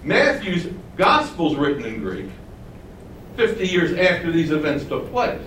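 Animated man preaching in an echoey room. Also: fairly high pitch, measured pace, far from the mic, slight background noise. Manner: animated teaching, rhetorical questions to the congregation. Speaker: pastor. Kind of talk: sermon.

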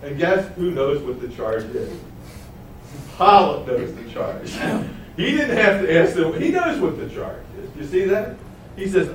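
A man's voice: on the high side, moderate pace. Echoey distant male preacher. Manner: animated, rhetorical questions to the audience. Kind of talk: sermon, verse-by-verse Bible teaching. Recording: echoey room heard from a distance, faint noise.

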